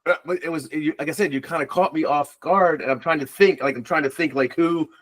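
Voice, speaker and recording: A man's voice: a little high, fairly quick. A man who works as a recruiter, a guest on a casual podcast interview, answering in a rambling, hesitant way with many fillers.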